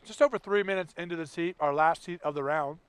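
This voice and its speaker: A man calling a live sports contest play-by-play, in an energetic, exclamatory way. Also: a little high, quick pace, slight background noise. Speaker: contest commentator.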